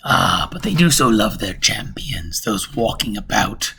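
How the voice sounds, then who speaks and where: A man voicing an ancient, sinister male entity that is cryptic and amused, speaking slowly with soft whispers in a tabletop game. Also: on the low side, sing-song, creaky, breathy edge, full character voice. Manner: slow, savoring, with soft chuckles and hissed whispers. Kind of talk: game master voicing a character.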